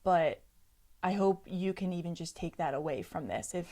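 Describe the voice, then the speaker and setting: Young woman podcast co-host, lower voice, sincere and reflective, easy laugh. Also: expressive, normal speed, mellow. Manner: chatty, earnest, reflective, laughs easily. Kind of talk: casual chat.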